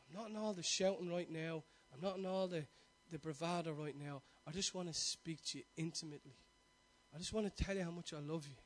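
A preacher voicing God as a gentle, intimate male voice, speaking softly and low, in a sermon. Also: moderate pace. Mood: tender, hushed. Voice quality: hushed, soft-spoken.

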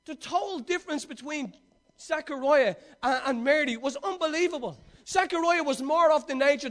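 Guy preaching, really high voice, reads the bible bit then riffs on it, gets loud then drops quiet. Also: moderate pace. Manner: reads scripture then retells it with emphatic swings from loud to quiet. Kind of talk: sermon.

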